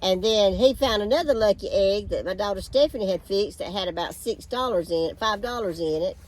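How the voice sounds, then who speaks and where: A woman's voice: medium pitch, fairly quick. An older woman, telling homey, rambling family stories in a casual outdoor chat. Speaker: co-host. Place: backyard, outdoors.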